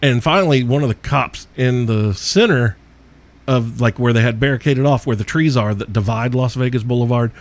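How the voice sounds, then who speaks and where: At normal speed and in a mid-range voice, a middle-aged man hosts a podcast. He tells a wild story with casual profanity, frequently laughing his way through it.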